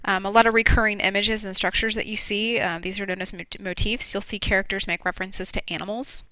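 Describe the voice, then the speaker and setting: A woman teacher talks through a lesson in a casual, explanatory way, dropping plenty of ums along the way. Her voice is bright and smooth, and the recording is dry and close. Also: mid-range voice, level tone, fast talker, no room sound, rough recording. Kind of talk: classroom lecture video.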